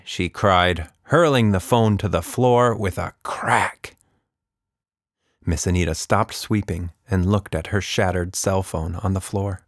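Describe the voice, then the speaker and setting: A man narrating a children's story in a calm, expressive way. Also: low-pitched, measured pace, no echo, clean studio sound.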